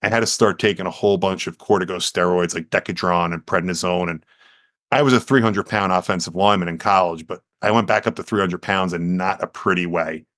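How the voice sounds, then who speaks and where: Low-voiced New man telling a story. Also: brisk, no room sound, clean studio sound. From United States. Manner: earnest, animated storyteller who acts out quotes. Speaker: podcast guest. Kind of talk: storytelling in a podcast interview.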